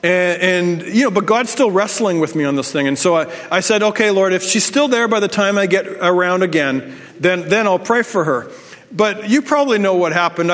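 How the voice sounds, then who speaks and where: A man's voice: high-pitched, a bit bright, big-room sound. A male pastor telling a personal story in a sermon, with self-deprecating humor and frequent restarts.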